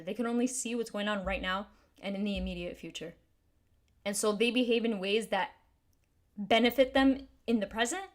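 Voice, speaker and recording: A woman giving casual spoken commentary to camera, earnest and thinking aloud, with frequent restarts and fillers like "like" and "you know". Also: medium pitch. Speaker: commentary YouTuber.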